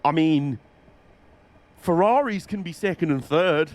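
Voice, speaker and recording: A man's voice: a little high, a little slow. A young man chatting casually with viewers as he streams a game, chatty and sweary with a dry wit. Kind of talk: casual live-stream chat while gaming.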